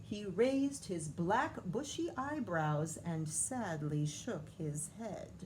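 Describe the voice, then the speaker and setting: Lively, expressive woman teacher reading aloud. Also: fairly low pitch, takes it slowly, slight background noise. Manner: expressive, stops to comment and ask questions. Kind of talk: picture-book read-aloud for children.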